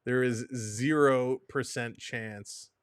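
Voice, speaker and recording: Exasperated man, smooth dry voice. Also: medium pitch, steady tone, slow pace, no room sound. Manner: frustrated, exasperated, talks to himself and chat. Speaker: live stream host. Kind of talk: casual live-stream chat.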